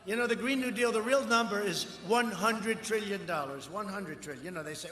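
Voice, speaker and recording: A man from the United States giving a campaign rally speech outdoors, boastful and repetitive, often breaking into shouts. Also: sits high, brisk, few pauses. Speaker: political speaker at a rally. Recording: echoey rally sound with long reverb and faint ambience.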